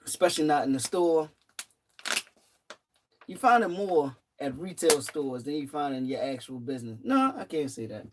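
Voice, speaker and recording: A young adult vlogger casually telling a story from work, animated and repeating phrases for emphasis. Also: mid-range voice, normal speed, a little hiss or hum. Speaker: vlogger and retail worker.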